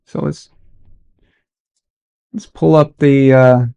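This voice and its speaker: A man hosting a casual sports live stream, animated and exasperated as he chats with viewers. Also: medium pitch, takes it slowly, gravelly, clean tone, dry recording, highs cut off.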